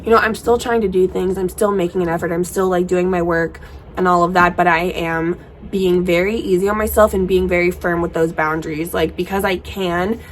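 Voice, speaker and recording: A woman's voice: lowish voice, fairly even intonation, a little fast. A woman hosting a casual stoner podcast, talking in a frank, profane, rambling way, recorded outdoors. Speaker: podcast host. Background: faint outdoor ambience.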